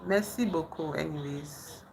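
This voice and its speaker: A woman casually chatting on a livestream with viewers, haltingly trying out French phrases. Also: low-pitched, vocal fry, darkish tone, a little hiss or hum, poor audio. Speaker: livestream host. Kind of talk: casual live chat with viewers. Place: indoors in the dark at night.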